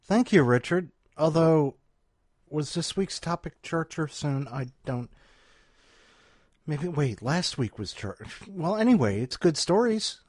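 A man casually hosts a story podcast from home, rambling and joking at his own expense. His pitch jumps around a lot, and the sound is close and dry with no room echo. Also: expressive, slow pace, darkish tone. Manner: rambling, self-deprecating, talks to his cat between segments. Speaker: podcast host. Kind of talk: casual chat. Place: at home, doing laundry with coffee.

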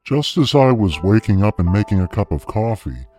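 A man reading his short story aloud in a calm, matter-of-fact manner. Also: on the low side, moderate pace, soft background music. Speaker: story contributor.

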